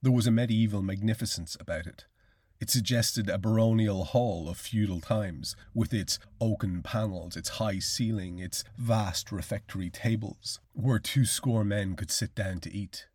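A man narrating a classic short story in a measured, formal audiobook reading. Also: lowish voice, darkish tone, husky, no echo.

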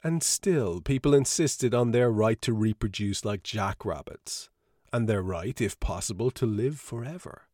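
A man's voice: fairly low pitch, lively intonation, warm tone, no room sound, studio quality. A man voicing an older male doctor who lectures in a composed, persuasive way. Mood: lecturing. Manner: lecturing, brisk and emphatic.

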